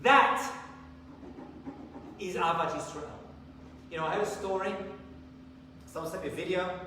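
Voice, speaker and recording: Rabbi preacher, high-voiced, telling stories with acted-out lines, recorded far off in a big reverberant hall. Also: male voice, normal speed, a little hiss or hum. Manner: animated storyteller, acts out dialogue. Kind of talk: sermon with storytelling. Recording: echoey hall from far off, faint ambience.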